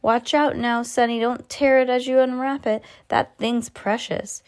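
A woman reading a storybook aloud, voicing a fat, excitable male shopkeeper who turns shrill and booming with excitement. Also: a little slow. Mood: ecstatic. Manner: booming and excitable when thrilled.

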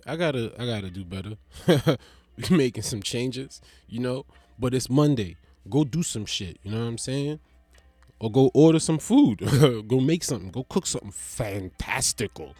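A man's voice: medium pitch, animated, moderate pace, a little mellow, dry recording. A man talking casually in a comedic vlog monologue, rambling and swearing as he jokes. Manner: rambling, profane, joking.

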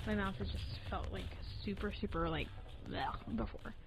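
A woman's voice: mid-range voice, moderate pace. A woman co-hosting a podcast, chatting in a silly, playful way with rambling asides. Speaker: podcast co-host. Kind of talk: casual chat. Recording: dull lo-fi podcast recording.

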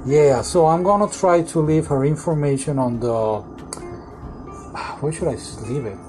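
A podcast co-host chatting casually at a middling pitch, loose and rambling with small slips in grammar. Quiet guitar music plays underneath. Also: unhurried, poor audio. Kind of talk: casual chat. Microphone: phone nearby on desk.

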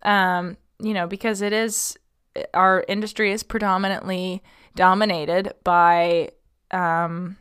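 Casting: young woman podcast host, smooth, slightly low voice, loose and chatty with lots of fillers. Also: level tone, slow pace, a bit bright. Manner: chatty, many ums and likes, laughs at herself. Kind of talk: casual podcast, reading a listener question.

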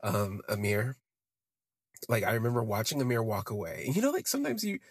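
A man with a gravelly, husky, lowish voice tells a candid personal story for his podcast. He rambles, leaning on "like" as he goes, and the sound is dry and close. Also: sing-song, brisk, no echo. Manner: rambling, with frequent "like" fillers. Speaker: podcast host.

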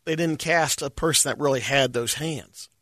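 A man's voice: mid-range voice, moderate pace, fairly bright tone, no room sound. A man chatting casually in studio banter, tossing in short, offhand remarks.

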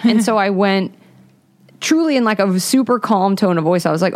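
Female comedian, chatty storyteller, bright quoted voices, dry close sound. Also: mid-range voice, a little fast, dry recording. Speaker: comedian guest. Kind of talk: casual chat, storytelling.

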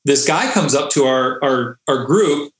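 A man who is a Navy diver, a podcast guest telling a story in a casual, animated way and often laughing. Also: mid-range voice, unhurried. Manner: animated, laughing, acts out quotes. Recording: echoey room.

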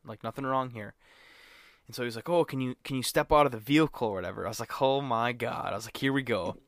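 Animated young man telling a story. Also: medium pitch, fast talker, dry recording, studio quality. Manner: animated, acts out quotes, swears freely. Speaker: podcast co-host. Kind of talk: casual storytelling chat.

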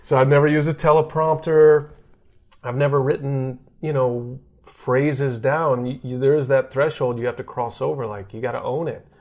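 A sportscaster from Texas tells stories in a relaxed podcast interview. His voice sits at an everyday middle pitch. He is animated and keeps slipping into the voices of the people he quotes. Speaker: guest sportscaster. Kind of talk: casual storytelling interview.

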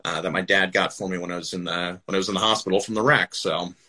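A man chatting casually on a podcast, relaxed and joking. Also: low-pitched, quick pace. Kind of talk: casual chat.

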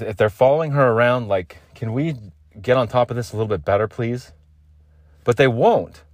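A man's voice: mid-range voice, dry recording, clean studio sound. A man hosting a solo podcast, ranting emphatically and swearing freely. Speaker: podcast host.

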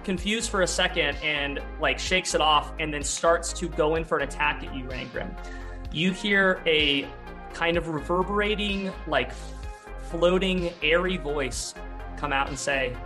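A man's voice: fairly high pitch, measured pace, pushed and bright, soft background music. A man narrating a tabletop role-playing game as game master, rambling with many fillers and restarts.

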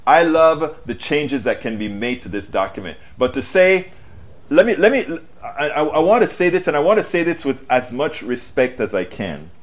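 A man's voice: fairly high pitch, expressive, normal speed. A man hosting a live political stream, reading viewer comments and talking with emphatic repetition and frequent restarts. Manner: impassioned, emphatic, repeats phrases with restarts. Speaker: livestream political show host.

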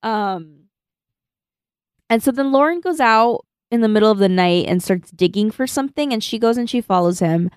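A woman's voice: on the high side, lively intonation, moderate pace, clean tone, no echo, clean studio sound. A woman co-hosting a podcast, chatting casually and laughing as she reads out her notes. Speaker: podcast co-host. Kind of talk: casual chat recapping an anime.

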